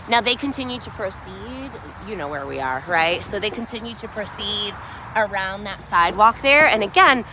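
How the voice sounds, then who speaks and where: A woman dog trainer talking through a live outdoor training session, praising the dog in high excited bursts between her explanations. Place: outdoors by a sidewalk. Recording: faint outdoor noise, at times far from the camera.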